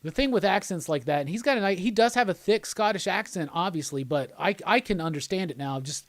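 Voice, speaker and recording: A man's voice: sits high, lively intonation, brisk, dry recording. A man hosting a live stream, chatting casually in a loose, rambling, jokey way and reading out viewer comments.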